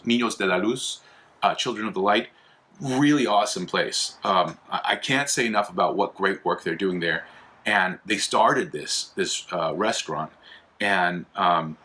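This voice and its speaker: A young man hosting an apologetics channel, talking casually in a rambling way with many fillers and restarts, and animated when he retells a story. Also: on the low side. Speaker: host of an apologetics video channel. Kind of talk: casual explainer monologue.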